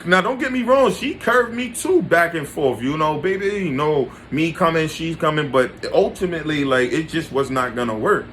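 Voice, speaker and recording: A man with a slightly high voice tells stories about his exes to camera. He talks in casual, slangy, profane bursts and keeps checking in with his listeners. Faint noise hums behind him. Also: expressive, normal speed, few pauses, a bit bright. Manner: slangy, blunt and profane, often addresses listeners directly. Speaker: vlogger telling his own relationship stories.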